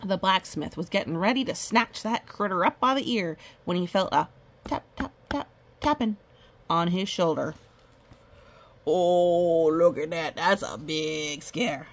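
A woman's voice: fairly low pitch, measured pace. A woman reading a children's picture book aloud, chatting and delighting over the illustrations. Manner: chatty, amused, commenting on pictures. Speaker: storybook reader.

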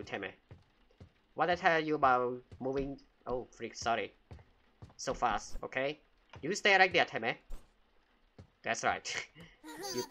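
A man's voice: mid-range voice, bright, forceful tone, slight background noise. A man hosting a let's play of a horror game, talking playfully and teasing the in-game baby as he plays. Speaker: gaming channel host.

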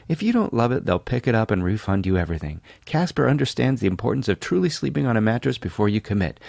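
A podcast host from California reads a sponsor spot in a sleepy, deadpan voice with plenty of gravelly fry. His pitch sits low and the sound is close and dry, with no room around it. He keeps undercutting the ad with wry asides. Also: no echo. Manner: sleepy, deadpan, self-mocking. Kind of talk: jokey ad read.

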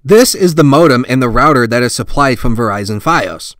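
A man hosting his tech channel, giving a relaxed, self-deprecating tour of his computer setup with plenty of fillers. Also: medium pitch, brisk, no room sound. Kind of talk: casual tour vlog with voice-over.

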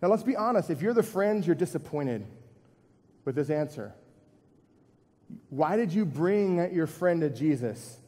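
A man's voice: fairly high pitch, expressive, unhurried, pauses often, mellow, long reverb tail. A man preaching a sermon to a church congregation in a conversational way, asking questions and repeating his points. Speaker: pastor.

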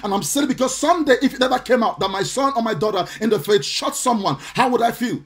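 High-pitched guy preaching on a facebook live, fired up, repeats stuff a lot, kinda sing-song. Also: fast. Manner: forceful, repetitive, indignant, sometimes sing-song cadence. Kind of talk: impassioned preaching on a live stream. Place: home or church, streaming live.

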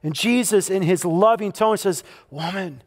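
High-pitched guy preaching at church, chatty but punchy, keeps repeating lines for emphasis. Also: animated, measured pace. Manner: conversational preaching with emphatic repetition. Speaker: pastor. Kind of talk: sermon. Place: church service.

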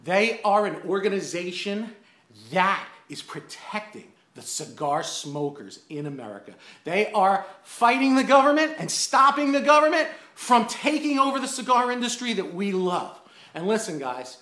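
Loud, animated man ranting in a roomy space. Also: sits high, moderate pace. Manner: loud, indignant, acts out quotes. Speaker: online ranter, cigar enthusiast. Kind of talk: animated storytelling rant.

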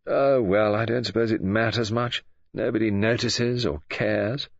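A man's voice: on the low side, steady tone, a little slow, creaky, no echo, pitched above the performer's own voice. A man voicing a languid, offhand young woman, teasing and arty, in an audiobook reading. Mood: drowsy. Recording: dull lo-fi audio.

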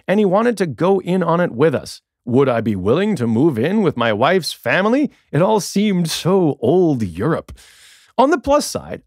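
A man reading his own humorous memoir audiobook in a recording studio, with a wry, deadpan storytelling manner. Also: medium pitch, no room sound. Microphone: studio microphone.

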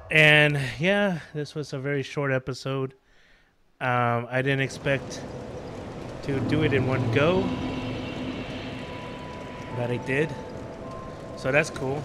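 A man's voice: medium pitch, noisy background. A man hosting a let's play, giving casual, rambling gameplay commentary. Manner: rambling, with fillers and emotional outbursts. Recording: game music behind voice.

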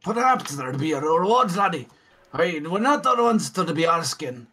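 A man's voice: a little high, sing-song, moderate pace, a bit bright, slight background noise. A man voicing a wary, blunt male dwarf miner with an attempted Scottish accent, saying aye and lad. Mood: gruff. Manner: folksy dialect with aye and lad.

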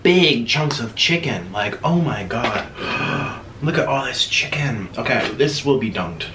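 A young man hosting an eating vlog, talking casually between bites with excited gasps and murmurs. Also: medium pitch, unhurried. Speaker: mukbang host. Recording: echoey room with faint noise.

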